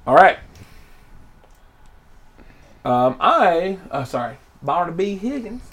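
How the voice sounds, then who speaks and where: A man's voice: sits high, very animated, takes it slowly, a bit bright. A man, a player in an improvised game, chatting casually and laughing at himself.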